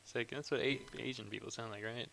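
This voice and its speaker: A man's voice: mid-range voice, fairly even intonation, fast talker, gravelly, bright, forceful tone, low-quality recording. A young man co-hosting a casual livestream chat, teasing his friend with dry comebacks. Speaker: co-host.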